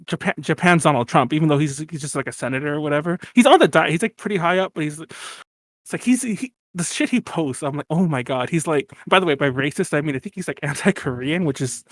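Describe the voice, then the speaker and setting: Podcast co-host, male, higher voice, rambly and loose, dry close mic. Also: fast, no echo. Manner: rambling, lots of fillers and restarts, laughs often. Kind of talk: casual chat.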